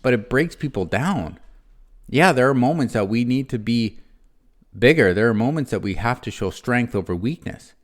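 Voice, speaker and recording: A man hosting a motivational podcast, talking earnestly and warmly straight to the listener, with frequent tag questions and restarts. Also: mid-range voice, lively intonation, normal speed. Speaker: podcast host, former prison guard.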